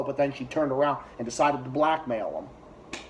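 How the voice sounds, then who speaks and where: A man's voice: mid-range voice, moderate pace, muffled recording. A man heckling video clips in a profane, sarcastic rant as a political commentary YouTuber. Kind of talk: ranting reaction commentary.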